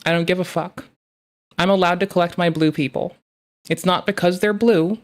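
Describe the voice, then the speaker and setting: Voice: mid-range voice, steady tone, moderate pace. A streamer chatting casually while reacting to a video, rambling, joking and swearing freely. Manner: rambling, profane, playful. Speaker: live streamer.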